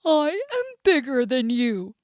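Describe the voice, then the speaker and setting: A woman's voice: extremely high pitch, extremely slow, fairly bright tone, dry recording, studio quality, voice pushed up, exaggerated voice. A woman doing a blustering hot-tempered storybook bear. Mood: angry. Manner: blustering, whiny when hurt. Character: greedy hot-tempered male cartoon bear, big and boastful.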